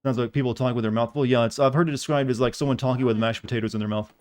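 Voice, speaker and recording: A man's voice: mid-range voice, fairly even intonation, rapid-fire, darkish tone, clean tone. A man streaming a game, chatting casually and answering viewers' questions in a rambling, joking way. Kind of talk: casual gameplay commentary.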